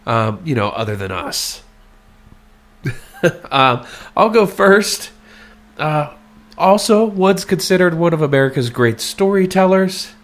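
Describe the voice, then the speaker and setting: A man's voice: fairly high pitch, big pitch swings, slow, pauses often. A man co-hosting a casual book podcast, easygoing as he explains plot points and drops dry jokes. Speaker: podcast co-host.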